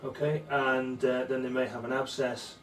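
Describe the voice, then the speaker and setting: A man's voice: medium pitch, flat delivery, moderate pace. A man guiding a clinical teaching discussion, recapping points and prompting with questions. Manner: recapping, prompting, frequent agreement. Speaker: clinician interviewer. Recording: echoey room, distant mic, faint noise.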